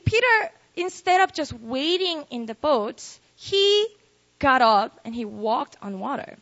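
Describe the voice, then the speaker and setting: A woman preaching a sermon in a lively, conversational way, acting out quotes. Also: high voice. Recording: dull lo-fi recording.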